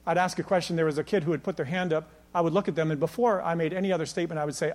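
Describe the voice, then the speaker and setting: High-voiced man preaching emphatically. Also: fairly even intonation, very fast, few pauses. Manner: emphatic, rising to near-shouting at peaks; repeats "can I tell you" rhetorically. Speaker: pastor. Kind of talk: sermon.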